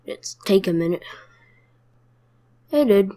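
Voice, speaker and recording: A woman's voice: mid-range voice, a little slow. A woman giving casual let's play commentary, chatting and playfully trash-talking her opponents. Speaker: gamer.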